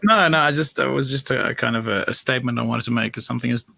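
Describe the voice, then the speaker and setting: A male guest in a casual music chat, rambling with many halting restarts. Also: medium pitch, vocal fry, sharp tone, no echo.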